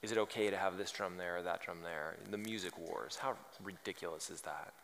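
A man preaching a sermon, telling funny stories and building to loud, emphatic points. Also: low voice, fairly quick, slight background noise. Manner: animated, humorous, rising to loud emphasis. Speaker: pastor. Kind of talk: sermon with storytelling. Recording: reverberant large hall.

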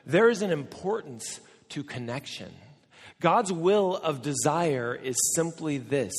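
American preacher in an echoing hall. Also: male voice, fairly high pitch, lively intonation, slow, slightly rough. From United States. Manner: conversational, joking asides to the audience. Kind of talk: sermon with humorous storytelling. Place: large church or conference hall. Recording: long hall reverb.

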